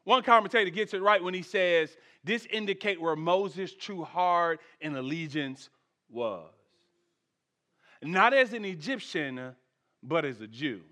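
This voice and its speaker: This man preaches a lively, unhurried sermon in a high, bright, ringing voice, and it sounds like a live church service. He climbs to shouted peaks before dropping into soft, joking, conversational asides aimed at the congregation.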